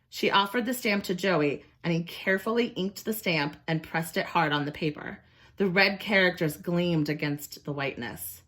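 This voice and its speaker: A woman teacher reading a picture book aloud to children, expressive and pausing to ask questions. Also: on the low side. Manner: expressive, explains and asks questions.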